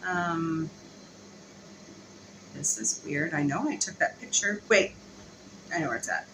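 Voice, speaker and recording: A chatty woman hosts a relaxed home vlog, her bright voice bouncing around a roomy space. She talks loosely, filling pauses with ums. A faint hiss sits underneath. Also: deep voice. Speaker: vlog host and mother. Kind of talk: casual chat. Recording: roomy, light background hiss.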